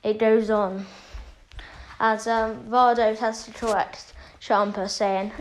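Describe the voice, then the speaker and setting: A woman's voice: fairly high pitch, flat delivery, slow, a little hiss or hum, low-quality recording. A woman casually retelling a fan story, rambling with many fillers.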